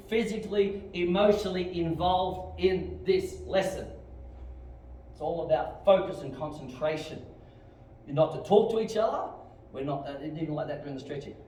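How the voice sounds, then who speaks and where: A middle-aged man with an Australian accent teaching a martial arts class, explaining techniques and barking sharp commands and kiai shouts. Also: fairly high pitch. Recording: very echoey hall, distant mic, faint room noise.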